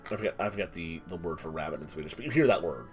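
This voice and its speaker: Brief: low male game master, lively dramatic narration, faint music behind. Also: very fast. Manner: dramatic, descriptive storytelling with frequent restarts.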